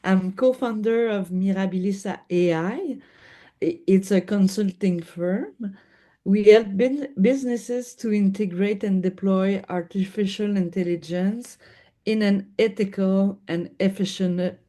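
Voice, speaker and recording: Slow-spoken woman with a Québécois French accent. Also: medium pitch, warm tone. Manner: hesitant, searching for words with restarts. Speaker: guest. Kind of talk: interview conversation.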